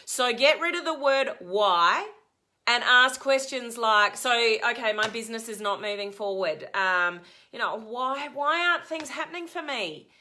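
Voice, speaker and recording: A woman giving a live motivational coaching talk to her viewers, energetic and emphatic, acting out the complaints she quotes. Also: on the high side, a little slow. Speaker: life coach.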